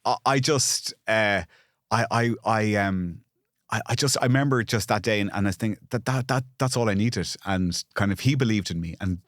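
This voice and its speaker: An Irish man in his forties, an architect and TV presenter, speaks candidly as a guest in a conversational podcast interview. His voice sits on the low side and is recorded at studio quality with no echo. He often restarts and repeats words as he finds his thoughts, growing emotional.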